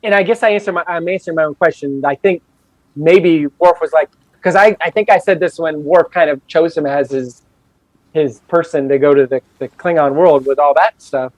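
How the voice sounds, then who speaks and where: Higher-voiced man in a casual chat. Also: normal speed, dry recording, low-quality recording. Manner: loose and rambling, self-correcting. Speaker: podcast co-host. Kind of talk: casual podcast discussion.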